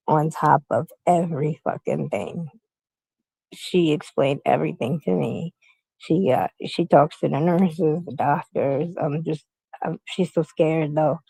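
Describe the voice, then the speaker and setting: Low gravelly woman streaming from a phone. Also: mellow, dry recording, poor audio. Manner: rambling, keeps greeting viewers by name. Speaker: YouTube livestream host. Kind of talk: casual livestream chat. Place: hospital room.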